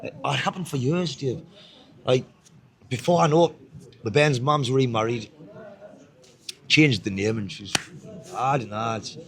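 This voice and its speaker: A man's voice: mid-range voice, measured pace, pauses often. A man with a Northeast English accent telling his life story in casual chat, blunt, swearing a lot and often repeating himself. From Northeast England. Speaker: guest.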